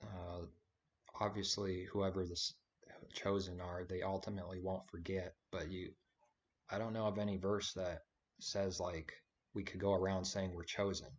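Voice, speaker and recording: A man delivers an informal spoken sermon in a deep, flat voice. He rambles conversationally, restarting sentences as he goes. The recording sounds dull and lo-fi. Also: normal speed. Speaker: preacher.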